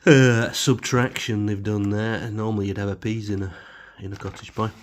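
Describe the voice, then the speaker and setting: A man's voice: fairly low pitch, flat delivery, moderate pace, a little hiss or hum. A man casually reviewing supermarket food in his home kitchen, rambling with many fillers and wry asides.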